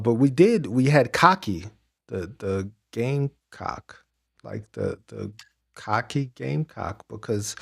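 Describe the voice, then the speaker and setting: A man with a lowish, vocal-fry voice co-hosts a podcast. He chats casually about wrestling, rambling with lots of restarts and fillers.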